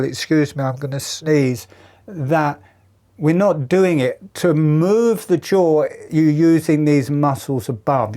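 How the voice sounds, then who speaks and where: A man teaching a breathwork lesson, calmly explaining and demonstrating each step. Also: medium pitch. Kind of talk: guided breathing instruction.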